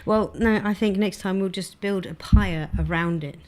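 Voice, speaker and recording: A woman's voice: mid-range voice, moderate pace, darkish tone, a little hiss or hum. A woman co-hosting a casual live chat show, teasing and dry, reading out viewers' names. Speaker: co-host.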